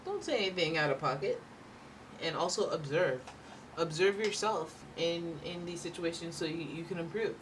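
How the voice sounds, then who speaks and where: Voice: mid-range voice, moderate pace, noisy background. Rambly tarot reader just chatting thru a reading, mic kinda far away. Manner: chatty, rambling, playful asides. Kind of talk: casual tarot reading to camera.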